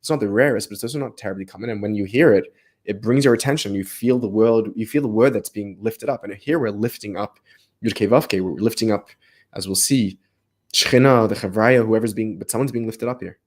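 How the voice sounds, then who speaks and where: On a text study livestream he co-hosts, a man speaks with animation, beginning phrases again as ideas pile up. His voice is lowish and a little fast.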